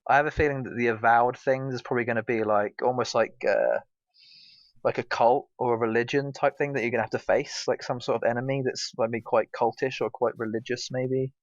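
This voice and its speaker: A man's voice: mid-range voice, steady tone, brisk, no echo. A British man co-hosting a gaming podcast, rambling casually with lots of hesitations and fillers. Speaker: podcast co-host. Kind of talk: casual chat. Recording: dull, dry lo-fi mic.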